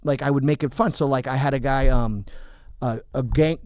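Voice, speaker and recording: A man's voice: mid-range voice, normal speed, clear, resonant tone, no echo. A man, a comedian guest, telling stories in a casual chat and slipping into character voices, recorded in a podcast studio. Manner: animated storyteller, jumps into character voices.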